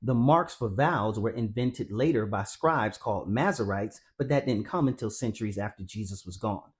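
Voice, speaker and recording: A man's voice: lowish voice, normal speed. Man narrating a Bible language lesson. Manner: explanatory, addresses viewers as family. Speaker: Christian teacher. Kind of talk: scripted teaching narration.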